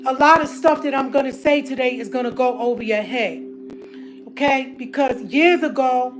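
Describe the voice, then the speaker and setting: A woman delivering an angry, confrontational monologue to her viewers, blunt and clearing her throat now and then, upset and trying to calm down. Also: sits high, moderate pace, over music. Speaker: online commentator.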